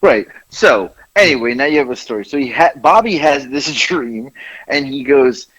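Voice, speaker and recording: A man's voice: medium pitch, moderate pace, poor audio. A man co-hosting a podcast, telling a story in casual chat, laughing often and acting out what others said. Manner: animated, laughs often, acts out quoted lines. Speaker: podcast co-host.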